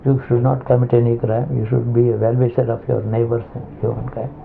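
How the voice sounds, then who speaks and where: Man, spiritual teacher, gravelly, halting speech, tinny lo-fi recording. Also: medium pitch, flat delivery. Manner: halting, searching for words, many restarts. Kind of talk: spiritual discourse. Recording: tinny phone-like lo-fi recording with faint hiss.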